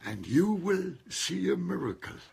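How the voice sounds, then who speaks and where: A man's voice: high-pitched, big pitch swings, a little slow, creaky, darkish tone, breathy edge. A man preaching a sermon, stressing single words and calling on his listeners to respond. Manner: emphatic, calls on listeners to respond.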